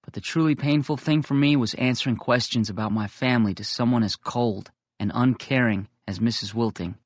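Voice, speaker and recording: A man narrating a novel in first person, steady and measured in his storytelling. His voice sits at an ordinary male pitch. The recording is muffled and lo-fi, with a dry, close room. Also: no room sound. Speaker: audiobook reader.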